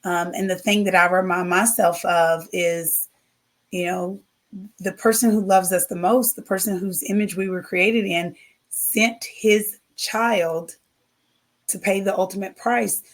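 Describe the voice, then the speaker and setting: A woman speaking as a podcast guest, gentle and reflective, in a measured faith-based conversation. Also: mid-range voice, steady tone.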